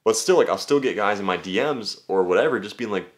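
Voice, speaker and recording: A young man talking casually as a dating coach, brash and full of swearing, often slipping into high mocking voices. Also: quick pace, few pauses, a bit bright. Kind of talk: casual talking-head monologue.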